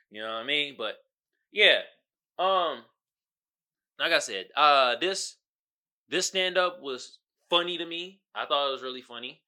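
A male podcast host giving casual, slangy commentary, animated and often asking "you feel me". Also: mid-range voice. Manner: animated, acts out quotes loudly.

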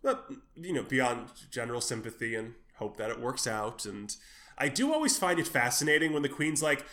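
Bright-voiced man with dry wit. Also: medium pitch, sing-song, normal speed. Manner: wry, articulate, dry humor. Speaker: podcast co-host. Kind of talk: casual chat.

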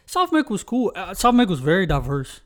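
A young man with a slightly high voice chats casually as a podcast co-host. He rambles through stories, leaning on fillers and restarts. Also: huge pitch swings, a little fast. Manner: rambling storytelling with many fillers. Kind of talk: casual chat.

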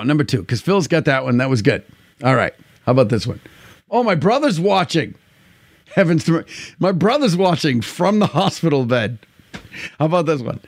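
New man, 50s, livestream host; rambling, crude jokes, animated pitch. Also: no room sound. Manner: loose, crude, jokey rambling with frequent laughter. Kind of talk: casual chat.

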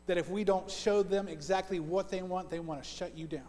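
A man's voice: high-pitched, steady tone, brisk, mellow. A man in his forties preaching a sermon as pastor, earnest and often repeating words as he builds a point. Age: 40s. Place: church sanctuary. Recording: long church reverb.

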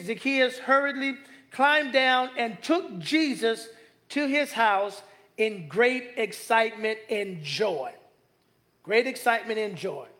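A man preaching a sermon in a conversational, joking way, stretching key phrases slowly for emphasis. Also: extremely high pitch, fairly bright tone. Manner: conversational, joking asides with the congregation. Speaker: pastor.

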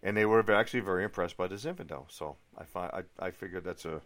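A man's voice: deep voice, quick pace, fairly bright tone. A middle-aged American man hosting his own podcast, chatting through a rambling, enthusiastic solo monologue full of asides. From United States. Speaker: podcast host.

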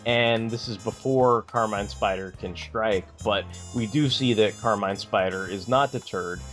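A man's voice: on the low side, unhurried, fairly bright tone, soft background music. A man co-hosting a podcast, chatting casually in a rambling way with lots of fillers and swearing. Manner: rambling, filler-heavy, profane. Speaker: podcast co-host. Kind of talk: casual chat.

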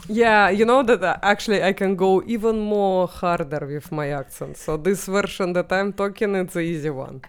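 A woman with a strong Russian accent talks as a guest on a casual comedy chat. Her voice is smooth and mid-pitched, and she speaks in a lively way, pausing on frequent fillers. She sits a little back from the mic.

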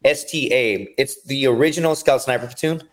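As a podcast guest, a man tells long, rambling stories packed with swearing in a casual chat. His voice is mid-range and his delivery brisk.

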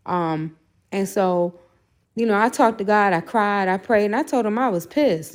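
A woman's voice: mid-range voice, moderate pace. A woman sharing a candid personal faith testimony as a podcast guest, earnest and full of "you know" fillers.

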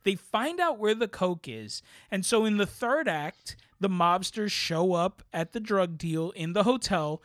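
High-voiced, animated man, dry sound. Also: measured pace, few pauses, no echo. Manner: animated, blunt film opinions with slangy asides. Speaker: podcast co-host. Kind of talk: casual chat.

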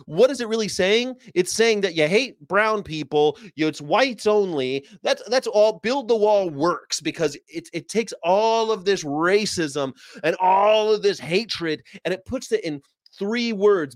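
A man's voice: high-pitched, expressive, measured pace, no room sound, clean studio sound. A man hosting a reaction video, brash and joking, swearing and repeating short slogans. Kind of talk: blunt reaction commentary.

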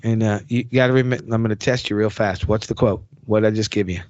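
A man's voice: on the low side, fairly even intonation, fast, a little mellow, dry recording, highs cut off. A man with a Florida accent hosting a podcast, talking bluntly and profanely, joking about himself in casual conversation. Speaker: podcast host and drummer.

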